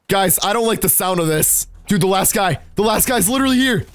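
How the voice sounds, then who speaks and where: A high-pitched young man in his late teens narrates a video game in a jittery, excitable way, talking right to his audience. Soft music plays underneath. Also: fairly quick, no echo. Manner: anxious, excitable, addresses viewers directly. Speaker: gaming YouTuber. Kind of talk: scripted gameplay commentary.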